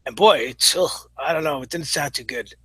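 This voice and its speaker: Male reviewer, slightly high husky voice, halting delivery full of fillers, blunt. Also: bright, forceful tone, no echo, rough recording. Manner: blunt, opinionated. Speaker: show reviewer. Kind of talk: casual spoken review.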